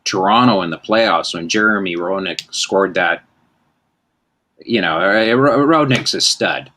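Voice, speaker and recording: Host, male, 50s, very deep voice, rambling self-deprecating storyteller. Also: a little slow, sharp tone, slight background noise. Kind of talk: casual anecdote-telling chat.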